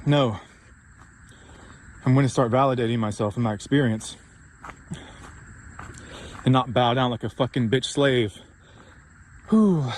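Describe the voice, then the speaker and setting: A man's voice: medium pitch, a little hiss or hum. A man delivering an intense, profane motivational rant, rambling and mocking himself as he goes. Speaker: podcast host.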